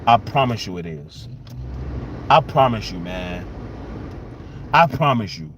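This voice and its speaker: A man hosting a live-streamed sports fan rant, exasperated and repetitive, swinging between loud outbursts and low muttering. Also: very animated, slow pace, pauses often, a little hiss or hum. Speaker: sports fan channel host.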